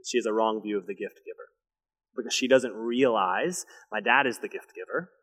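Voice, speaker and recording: A young man preaching a sermon to his church, telling a family story with lively storytelling and then dropping into a hushed, intense delivery. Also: fairly low pitch, moderate pace, husky. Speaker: pastor. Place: church sanctuary. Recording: long hall reverb.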